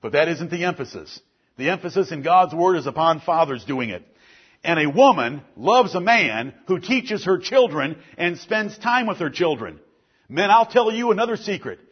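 A man's voice: on the high side, expressive, normal speed, husky, lo-fi sound. A man preaching a sermon as pastor, building emphasis through repeated lists.

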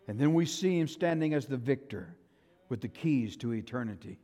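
A man preaching a sermon as pastor, telling the story dramatically with loud, high bursts and quiet, plain-spoken asides. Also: lively intonation, normal speed. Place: church sanctuary. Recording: long hall reverb.

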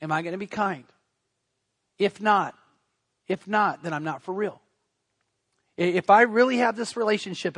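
A middle-aged male pastor with a high voice preaches a sermon and tells stories like he is chatting. He often stumbles and restarts his sentences. The sound is dry and close. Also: fairly bright tone, no echo. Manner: storytelling, conversational with frequent restarts.

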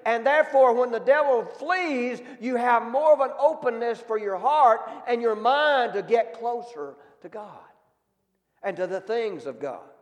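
A man's voice: very high-pitched, measured pace. A man preaching a sermon, folksy, asking the congregation questions directly. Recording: long reverb of a hall.

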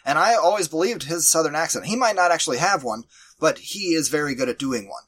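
Lively high-voiced man ranting about movies. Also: fast, breathy edge. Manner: animated, exasperated, quotes himself in mock voices. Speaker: podcast co-host. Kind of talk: casual movie review chat.

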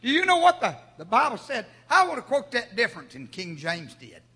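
Brief: male preacher, high animated voice, husky, recorded in a church hall with a long echo. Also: brisk. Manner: call-and-response preaching, rising to shouts. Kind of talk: sermon. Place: church sanctuary.

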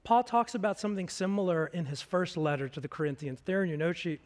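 A man preaching a sermon as pastor, slow and emphatic, dropping to a hush at times. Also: high-pitched, long reverb tail.

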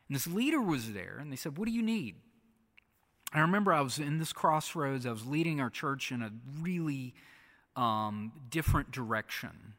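A pastor preaching a sermon, repeating phrases and often dropping to a soft, hushed delivery. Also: male voice, medium pitch, lively intonation, moderate pace. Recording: long reverb of a large hall.

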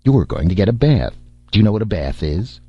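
A man's voice: lowish voice, very animated, brisk, mellow, breathy edge, no room sound. A man voicing a brash, bossy hero. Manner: bossy, sardonic, barking orders. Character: brash, commanding male engineer hero. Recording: dull, dry lo-fi recording.

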